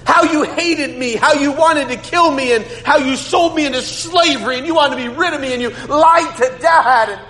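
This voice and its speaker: A man preaching and voicing a grown ruler in Egypt who rebukes his brothers in a loud, accusing voice. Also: very high voice, normal speed, hardly any pauses, voice pushed up. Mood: reproachful. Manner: accusing, rising to a shout. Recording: long hall reverb, faint noise.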